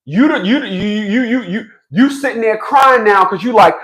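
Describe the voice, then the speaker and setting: Blunt fifty-something man, high voice. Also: normal speed, a bit bright. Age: 50s. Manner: blunt, profane, repetitive stammering restarts. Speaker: fathers' rights commentator. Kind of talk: casual vlog monologue.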